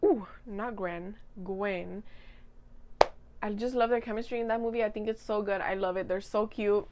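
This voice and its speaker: A woman's voice: mid-range voice, fairly even intonation, moderate pace, background noise. A young woman chatting casually into a desk mic at home, giggly and gushing as she rambles. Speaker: vlogger. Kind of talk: casual chat.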